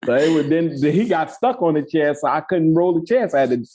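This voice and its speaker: A middle-aged man tells a story in a casual interview. He is animated and slangy and laughs often, and his pitch leaps and dips with a lively range. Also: fast talker, poor audio. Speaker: podcast guest, actor.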